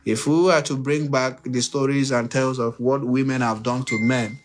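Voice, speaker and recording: With a medium-pitched voice, fairly even intonation and a moderate pace, this livestream host offers relationship advice off the cuff over slight background noise. He preaches, repeats his points, poses rhetorical questions and speaks emphatically straight to his audience.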